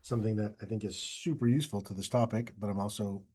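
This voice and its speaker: A man's voice: on the low side, fairly even intonation, fast, mellow, slightly rough. A man co-hosting a podcast in casual chat, talking thoughtfully in long winding sentences. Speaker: co-host.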